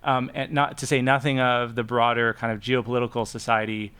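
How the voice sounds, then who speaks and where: A man appearing as a guest on a tech roundtable, speaking in a measured, earnest way and restarting his sentences now and then. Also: medium pitch, little pitch movement, fairly bright tone, clean tone. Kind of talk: casual roundtable chat.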